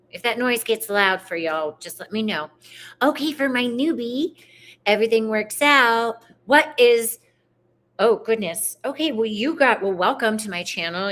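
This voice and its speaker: Brief: woman, tarot reader live-streaming from home, unhurried and loose, spiritual slang. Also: mid-range voice. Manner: animated, chatty spiritual talk with slang and swearing. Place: home on a mountainside.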